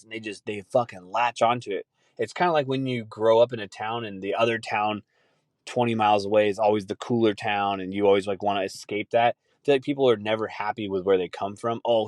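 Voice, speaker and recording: A man's voice: medium pitch, dry recording, studio quality. A man hosting a podcast, ranting in a profane, casual chat and laughing easily. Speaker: podcast host.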